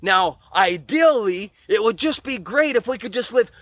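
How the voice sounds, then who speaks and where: A man's voice: high voice, expressive, normal speed, a bit bright, no echo. A middle-aged man giving an earnest, emphatic motivational talk about wilderness survival and self-improvement. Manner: earnest, emphatic, preachy with repeated exclamations.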